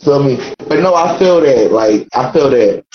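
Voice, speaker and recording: A man's voice: mid-range voice, expressive, unhurried, highs cut off. A man hosting a casual live-stream chat, laid-back and repetitive with his catchphrases. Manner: laid-back, repeats "feel me" and "let's talk". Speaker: host. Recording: echoey room with faint noise.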